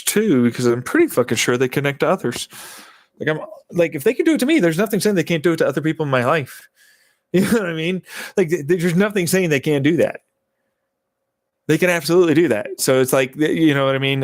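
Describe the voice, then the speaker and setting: A man's voice: a little high, no echo. A man venting in a rambling, agitated personal monologue, swearing often and circling back over the same points. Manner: agitated, profane, repeating himself. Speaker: vlogger.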